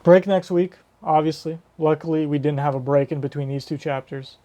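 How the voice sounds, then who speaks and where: A man's voice: fairly high pitch, flat delivery, brisk, dark tone. A man giving casual live reaction commentary on a manga chapter, rambling and swearing casually as he thinks aloud.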